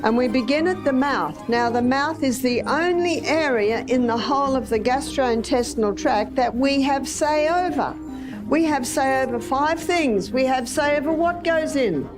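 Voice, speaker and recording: A woman's voice: high voice, normal speed, music in the background. An Australian woman lecturing an audience on health in a chatty way, repeating phrases for emphasis. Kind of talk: live talk to an audience.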